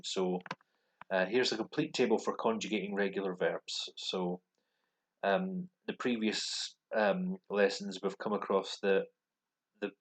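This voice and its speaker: A man's voice: low-pitched, poor audio. A Scottish man talking through a language course in a casual, hesitant way, full of ums and restarts. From Scotland. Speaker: language learner vlogger. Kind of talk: casual explanatory walkthrough. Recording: voice with computer speakers playing.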